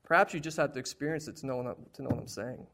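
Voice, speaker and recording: A man's voice: mid-range voice, quick pace, fairly bright tone. A man preaching a sermon to a congregation in a conversational, emphatic way, full of rhetorical questions and candid personal asides. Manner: shares personal struggles openly.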